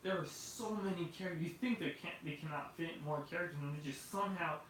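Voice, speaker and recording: A man chatting casually about movies, animated and laughing often, with many restarts. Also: on the high side, quick pace. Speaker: movie discussion host. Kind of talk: casual chat. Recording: echoey room, far from the mic, faint noise.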